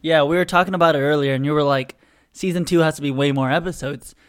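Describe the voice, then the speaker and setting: A young man co-hosting a podcast, chatting casually and acting out quotes with growing excitement. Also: fairly high pitch, quick pace, clear, resonant tone. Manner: animated storyteller, acts out quotes with rising excitement. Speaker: podcast co-host. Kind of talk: casual chat.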